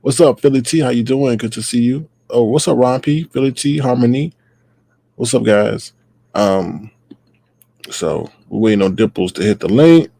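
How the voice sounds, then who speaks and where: Gravelly-voiced male livestream host. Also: mid-range voice, normal speed, dark tone, dry recording. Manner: greets viewers by name, playful and loose. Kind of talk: casual livestream chat.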